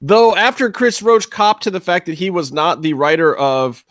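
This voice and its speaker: A man's voice: high voice, expressive, moderate pace, fairly bright tone, no room sound, clean studio sound. A man co-hosting a wrestling podcast, laughing and teasing the others. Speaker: podcast co-host. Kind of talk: casual banter.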